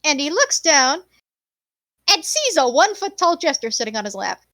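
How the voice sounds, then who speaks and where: A woman's voice: high-pitched, very animated, normal speed, fairly bright tone, no room sound. A woman narrating a tabletop game as game master, describing scenes in a playful way.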